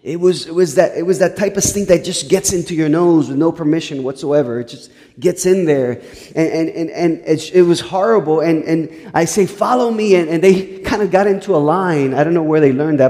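A man's voice: a little high, fairly quick, dark tone, long reverb tail. A male pastor telling a story in a sermon, earnest, with frequent stumbling restarts.

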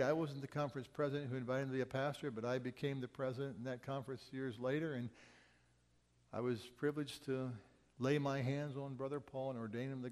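Preaching man in a reverberant hall. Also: medium pitch. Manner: swings from loud urgent quotes to quiet asides. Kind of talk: sermon storytelling.

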